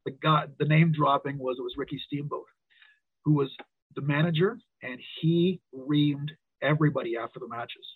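A middle-aged wrestling referee telling stories in a casual interview, animated when he quotes others. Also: a little high, moderate pace, slightly rough, no echo. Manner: storytelling, animated quoting. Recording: tinny phone-like line.

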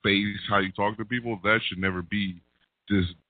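A man on a casual panel, explaining his view at length in a measured way. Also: lowish voice, steady tone, no echo. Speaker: regular panelist. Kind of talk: casual group chat. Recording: tinny phone-like line, dry.

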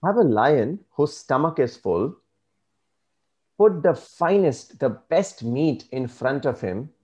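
A man speaking as an interview guest, earnest and measured, giving reflective advice. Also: medium pitch, expressive, warm tone.

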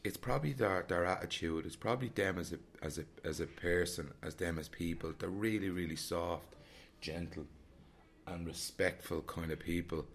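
Very deep-voiced Dublin Irish man. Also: moderate pace, vocal fry. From Ireland, Dublin. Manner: rambling, frank, repeats phrases. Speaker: solo traveller vlogger. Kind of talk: candid reflective travel chat.

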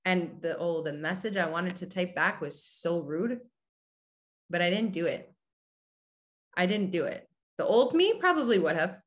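A woman's voice: fairly low pitch, lively intonation, unhurried, pauses often. A woman hosting a podcast in a casual motivational talk, speaking candidly and bluntly, swearing casually and asking listeners whether they agree. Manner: addresses listeners directly, asks if they agree. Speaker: podcast host.

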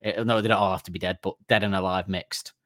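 A man's voice: sits low, level tone, fast talker, a bit bright, no room sound, studio quality. A man co-hosting a podcast in casual chat, rambling and correcting himself, laughing at his own jokes. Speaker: podcast co-host.

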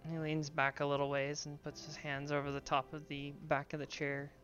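Woman game master, calm narration, low bright voice, dull lo-fi recording. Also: normal speed, soft background music.

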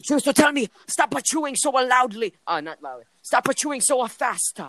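A man imitating a friend's strict mother in broken English, raising his pitch. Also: big pitch swings, normal speed, pushed and bright, exaggerated voice. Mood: scolding.

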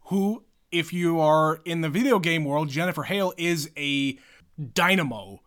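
A man co-hosting a podcast in relaxed casual chat, laid-back and sometimes swearing. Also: on the high side, unhurried. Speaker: podcast co-host.

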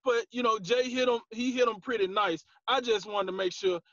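Man, sports podcast co-host, playful slangy trash talk, high voice, dry lo-fi sound. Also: fairly even intonation, moderate pace, pushed and bright, no room sound. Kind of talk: joking sports chat.

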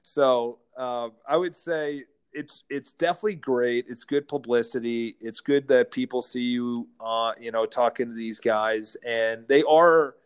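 A man, a real estate broker, telling stories as a guest in a casual interview, lively and laughing as he goes. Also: mid-range voice, measured pace, few pauses, clear, resonant tone. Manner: animated, acts out quotes, laughs while telling stories.

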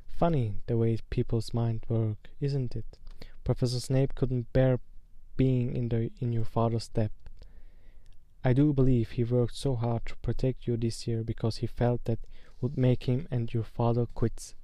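A man voicing a whimsical, kindly old headmaster wizard who talks gently and dreamily. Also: medium pitch, little pitch movement, unhurried, no room sound, natural voice. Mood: dreamy, wry.

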